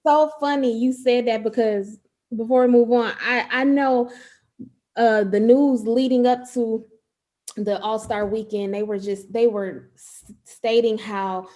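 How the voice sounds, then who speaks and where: A woman's voice: on the high side, steady tone, unhurried, warm tone. A woman from Georgia co-hosting a casual podcast, conversational and frank with her opinions. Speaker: podcast co-host. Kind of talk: casual chat.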